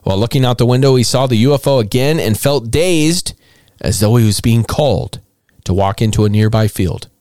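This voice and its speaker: A man's voice: mid-range voice, brisk, a little mellow, no echo, studio quality. A man hosting a comedic podcast, retelling strange stories with irreverent mockery and frequent swearing. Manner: irreverent, mocking, swears often, laughs at own material. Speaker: podcast host.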